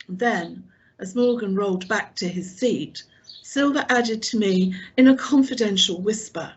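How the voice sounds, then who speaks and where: A woman's voice: mid-range voice, slightly rough, poor audio. A woman reading a classic novel aloud as an audiobook narrator. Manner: slow, lively reading. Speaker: audiobook reader.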